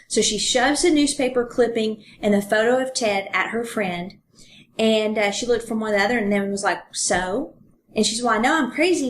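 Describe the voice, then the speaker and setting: A woman's voice: fairly high pitch, slight background noise. A woman co-hosting a podcast, casually retelling a true-crime story and reading passages aloud with ums and fillers. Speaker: podcast co-host.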